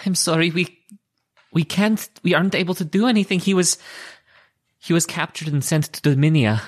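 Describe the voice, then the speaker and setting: A man playing a tabletop game, joking and quick to laugh. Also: a little high. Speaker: player.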